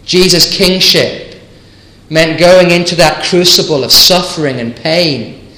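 A man's voice: on the high side, measured pace, bright, forceful tone, echoey room, poor audio. A man preaching an evening sermon, earnest and emphatic, with stammered restarts and rhetorical questions.

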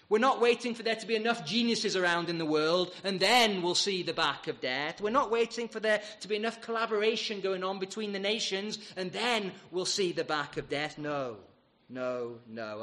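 A man preaching a sermon, emphatic and rhetorical, with dramatic pauses. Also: high voice, fairly bright tone.

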